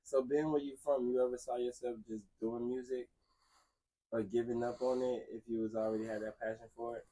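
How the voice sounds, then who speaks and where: A man's voice: medium pitch, level tone, a little fast, dark tone, low-quality recording. A man hosting a casual interview, asking slangy, easygoing questions.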